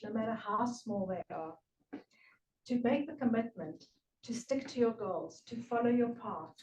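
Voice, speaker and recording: A woman's voice: a little high, warm tone, a little hiss or hum. Earnest South African woman giving a speech. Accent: South African English with a slight British tinge. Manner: earnest, with emphatic lists and pauses. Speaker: club speaker. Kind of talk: prepared public speech. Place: meeting room. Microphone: room recording from a distance. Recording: echoey room from far off.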